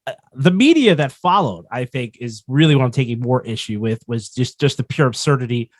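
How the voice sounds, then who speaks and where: A man's voice: medium pitch, lively intonation, a little fast, no room sound, studio quality. A man co-hosting a podcast in casual chat, rambling and restarting his thoughts as he works through a point. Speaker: podcast co-host.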